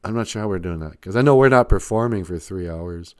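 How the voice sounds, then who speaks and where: Low-voiced rambling, jokey man. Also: fairly quick, a little mellow, clear, resonant tone. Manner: rambling and jokey, laughs often, hesitant fillers. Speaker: live stream host. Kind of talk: casual live-stream chat.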